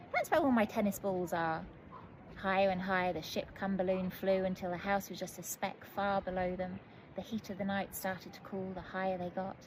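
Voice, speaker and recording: Woman reading a kids book, calm storytelling, noisy mic. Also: mid-range voice. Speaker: author reading aloud. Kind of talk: storybook read-aloud for children.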